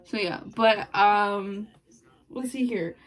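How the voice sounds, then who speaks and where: A woman's voice: mid-range voice, takes it slowly. A young woman vlogging a casual storytime, rambling, giddy and swearing, with bursts of laughter.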